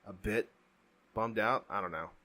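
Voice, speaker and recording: Low-voiced man rambling on a podcast. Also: sharp tone. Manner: rambling, halting with many restarts. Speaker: podcast co-host. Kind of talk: casual chat. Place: home, during a thunderstorm.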